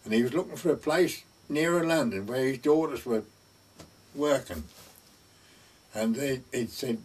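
A man's voice: mid-range voice, lively intonation, moderate pace, a little mellow, breathy edge, far from the mic. An older man telling rambling village anecdotes, chuckling and quoting each speaker with "he said". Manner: rambling, chuckling, quotes everyone with "he said". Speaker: village storyteller. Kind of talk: oral history anecdotes.

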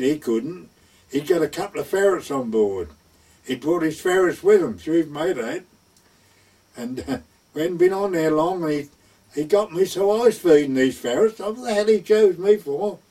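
Older guy spinning long sea yarns, mellow voice, a bit higher pitched, mic kinda far off. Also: lively intonation, moderate pace. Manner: rambling anecdotal, acts out quoted speech. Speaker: interviewee recounting wartime service at sea. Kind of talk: oral history storytelling.

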